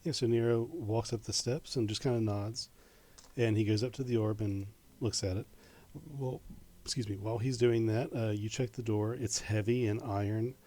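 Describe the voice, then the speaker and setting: Acting as game master for a tabletop game, a man narrates haltingly, with many fillers and restarts. His voice is on the low side, mellow and steady in tone.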